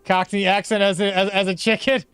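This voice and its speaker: Male game streamer, slightly high voice, casual and chatty, faint background music. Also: little pitch movement, fairly quick, fairly bright tone, clear, resonant tone, dry recording. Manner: chatty, thinks aloud, reads chat and laughs often. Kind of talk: casual live-stream commentary.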